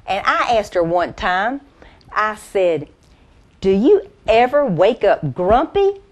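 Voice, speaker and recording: A woman doing an impression of a folksy country comedienne, telling homespun jokes in a drawn-out way and laughing at the punchlines. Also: mid-range voice, very animated. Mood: chatty. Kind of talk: stand-up storytelling impression.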